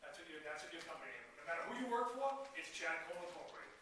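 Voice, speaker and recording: A man giving an energetic guest lecture on sales to a class of students and asking them questions, recorded from a distance in a classroom. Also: fairly high pitch, rapid-fire, a little hiss or hum. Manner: energetic, asks the audience questions. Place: university classroom. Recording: echoey room from far off.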